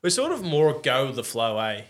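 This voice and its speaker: Laid-back young bloke. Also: male voice, medium pitch, huge pitch swings, brisk. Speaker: podcast guest. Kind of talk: casual chat.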